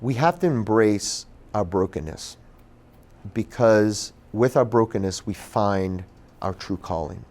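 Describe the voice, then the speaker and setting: A man giving a personal storytelling talk at a bookstore event, animated and acting out the voices he quotes. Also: lowish voice, slow pace. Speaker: author and speaker.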